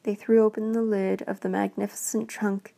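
A woman reading a fairy tale aloud in a slow, hushed, half-whispered storytelling voice. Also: mid-range voice, flat delivery, gravelly.

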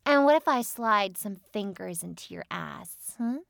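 A woman's voice: medium pitch, expressive, measured pace, gravelly, a bit bright, no room sound, studio quality, exaggerated voice. A young woman acting a bossy, taunting role in an adult audio role-play, with a mocking, commanding manner. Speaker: voice actor.

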